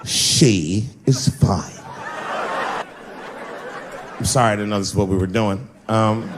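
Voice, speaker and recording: A man performing a stand-up comedy set, telling profane stories with animated energy and acting out the characters. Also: lowish voice, fast talker, crowd noise, background noise. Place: stage before a live audience.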